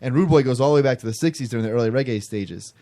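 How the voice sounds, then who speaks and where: A man at an ordinary middle pitch spins a long story in a relaxed podcast chat. He rambles, backs up and restarts often, with plenty of fillers. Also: racing. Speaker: podcast guest telling a story.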